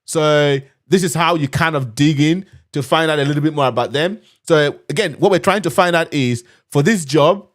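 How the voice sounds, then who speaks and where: A man's voice: fairly high pitch, moderate pace, hardly any pauses. A man hosting a live screen-share tutorial on cybersecurity, chatty and upbeat, talking straight to his viewers. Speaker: cybersecurity instructor hosting a live learning session.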